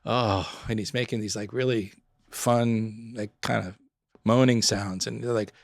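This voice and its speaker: A middle-aged man from Florida telling lively stories on a podcast, acting out his friends' voices and laughing often. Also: on the low side, moderate pace, gravelly, dry recording, studio quality. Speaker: podcast guest, former pub owner. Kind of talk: casual storytelling.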